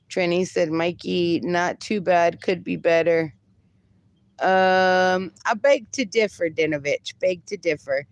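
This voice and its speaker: Slow, low-voiced woman reading live chat. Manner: reads comments aloud and banters, laughs often. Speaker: livestreamer reading viewer chat. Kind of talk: casual live-stream chat.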